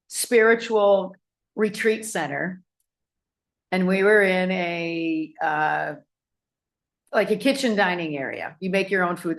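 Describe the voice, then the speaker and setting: Woman telling a lively personal story. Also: fairly low pitch. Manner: animated, acts out voices in anecdotes. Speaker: speaker. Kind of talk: storytelling talk to an audience.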